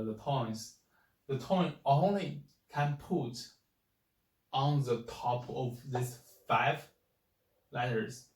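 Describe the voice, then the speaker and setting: A man teaches a pinyin lesson at a very slow pace, stopping and restarting as he sounds out each tone. His voice sits at an ordinary pitch. He is recorded from a distance in a room with a strong echo. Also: a little mellow. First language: Chinese. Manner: halting, repeats words, demonstrates sounds aloud. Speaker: Chinese language teacher. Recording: echoey room, mic set back.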